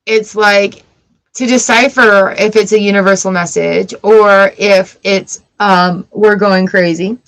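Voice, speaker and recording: A woman's voice: mid-range voice, fairly even intonation, slow pace, poor audio. Chatty woman giving a live card reading. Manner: chatty, reassuring, answers viewers live. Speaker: tarot reader.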